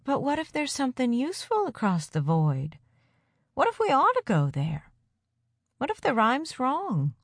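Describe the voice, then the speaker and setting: A bold young child from a storybook, full of eager questions, the voice lifted up high, as a woman reader puts it on. The child sounds earnest and insistent, and the recording is close and dry. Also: wildly swooping pitch, normal speed, dry recording, exaggerated voice. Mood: questioning.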